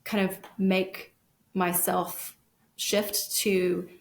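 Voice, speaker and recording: A middle-aged woman, a guest parent, telling her experiences in an earnest, animated way in a casual podcast chat. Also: on the low side, drawn-out words, gravelly. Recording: echoey room.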